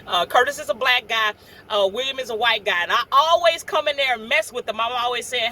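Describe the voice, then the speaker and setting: A middle-aged woman truck driver telling a story casually, animated and chatty, acting out what people said. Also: sits high, brisk, slight background noise. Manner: chatty, animated, acts out quoted dialogue.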